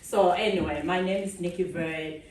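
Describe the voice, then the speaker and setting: A woman from Cameroon giving a lively conference keynote, laughing often and chatting with the audience on stage. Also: lowish voice, moderate pace, very noisy. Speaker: keynote speaker. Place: large conference hall. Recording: echoey hall, speaker far from the mic.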